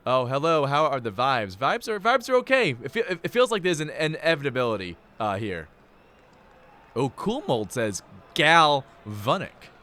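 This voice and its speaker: A young man calls the action live in a medium-pitched voice. His delivery is loose and jokey, full of playful asides between plays. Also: sing-song, moderate pace, fairly bright tone. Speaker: play-by-play announcer. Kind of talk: live play-by-play commentary.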